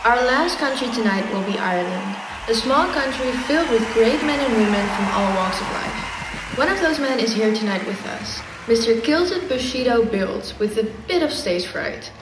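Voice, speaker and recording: A woman's voice: fairly high pitch, expressive, moderate pace, background noise. A woman hosting a mock song-contest show in a formal yet playful announcer tone. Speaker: host. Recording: echoey room, from far off.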